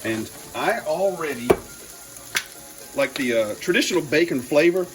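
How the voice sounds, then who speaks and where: A man's voice: on the high side, expressive, a little slow, over music. A man hosting his own cooking video, chatting upbeat and joking as he cooks at the stove. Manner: upbeat, jokey, chatty asides. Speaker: cooking show host. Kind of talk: casual cooking demonstration.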